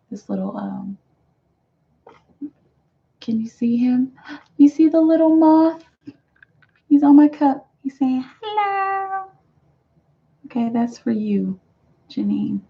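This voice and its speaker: A woman's voice: on the high side, gravelly, slightly rough. A woman hosting a live tarot stream, chatting casually and rambling as she reads out viewers' comments. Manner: rambling, chatty, lots of "like" fillers and quick laughs. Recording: muffled lo-fi live-stream audio.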